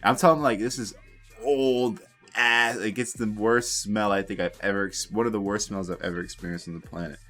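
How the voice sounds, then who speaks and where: A man's voice: fairly low pitch, fairly even intonation, moderate pace, fairly bright tone, soft background music. A young man telling a storytime tale in a casual, rambling way, swearing and laughing as he goes. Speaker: storytime vlogger.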